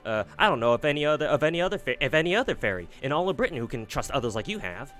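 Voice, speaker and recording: A man's voice: fairly high pitch, big pitch swings, rapid-fire, fairly bright tone, faint music behind. A man voicing an eager, chipper young woman in a mock Southern accent, often tripping over the lines. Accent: mock American Southern. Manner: chipper, rambling, stumbling over words. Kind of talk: reading game dialogue aloud with voices.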